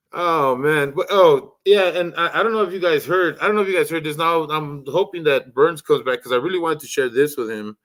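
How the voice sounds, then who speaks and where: A man hosting a casual voice chat stream who rambles, swears heavily and breaks into loud rants. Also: a little high, normal speed. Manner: profane, rambling, rants loudly. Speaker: livestream host.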